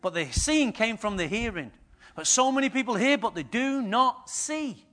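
A middle-aged man preaching a sermon as pastor, telling stories lively and swinging from hushed asides to loud bursts. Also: extremely high pitch, moderate pace.

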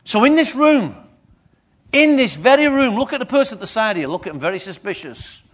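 A man delivers a sermon in a high, lifted voice. He keeps checking in with the congregation, throwing questions at them as he preaches. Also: very animated, a little fast, fairly bright tone.

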